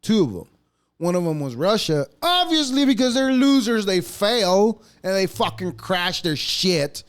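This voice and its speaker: A man's voice: high-pitched, big pitch swings, a little slow, clear, resonant tone. A man hosting a podcast, ranting casually in a profane, mocking way. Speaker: podcast host. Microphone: podcast mic.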